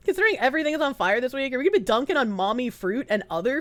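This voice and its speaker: A woman's voice: high voice, very animated, fast talker, no echo. A young woman with a Boston accent streaming live, chatting casually, swearing a lot and laughing often. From Boston area, US. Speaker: streamer, VTuber. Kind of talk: casual livestream chat and rants. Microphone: streaming microphone.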